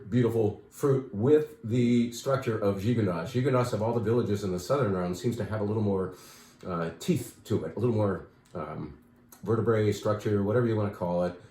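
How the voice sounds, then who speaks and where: Chatty low-voiced man in an echoey room. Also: mellow. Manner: chatty, enthusiastic, with fillers and asides. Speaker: wine shop host. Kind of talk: casual product talk.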